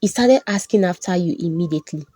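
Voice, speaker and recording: A woman voicing a calm, reassuring male friend in a folktale. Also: high voice, fast talker, dry recording.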